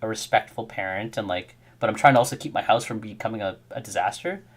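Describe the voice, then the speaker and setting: A man in his thirties, a game developer, telling animated stories in casual chat while he codes. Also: fairly low pitch, fast talker. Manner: animated storyteller who acts out quotes.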